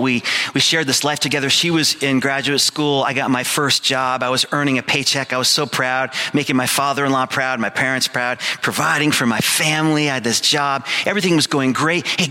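A pastor in his fifties preaching a sermon in a bright, forward voice. He tells personal stories candidly and hammers points home with repetition. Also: mid-range voice.

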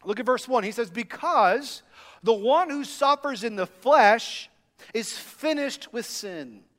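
A male senior pastor preaching a sermon, telling stories and swinging between hushed and emphatic delivery. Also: very high voice, expressive, takes it slowly, big-room sound.

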